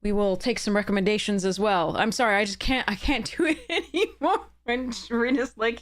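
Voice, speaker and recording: A woman's voice: mid-range voice, a little fast, hardly any pauses. A woman game streamer chatting live with her viewers, earnest and heated, often stopping to apologize.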